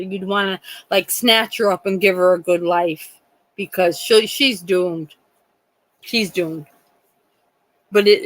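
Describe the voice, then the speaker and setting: Woman, true crime livestream host, casual chat, rambling, indignant, slow, dry. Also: medium pitch, no room sound, poor audio. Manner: rambling and indignant, many restarts, swears.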